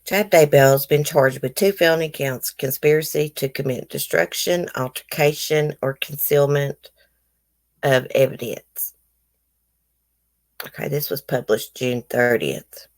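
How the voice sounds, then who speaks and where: A low-pitched woman with a drawl talks on a home livestream, reading news items and breaking off into blunt, opinionated asides to her viewers. She speaks casually, with a swollen face from a toothache. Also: a little slow. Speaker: livestream host.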